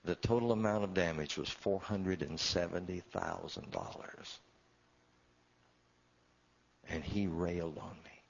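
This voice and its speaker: A man's voice: low-pitched, normal speed, creaky, highs cut off. A man preaching, a pastor giving an emotional testimony in a sermon, his voice swelling and dropping as he tells it.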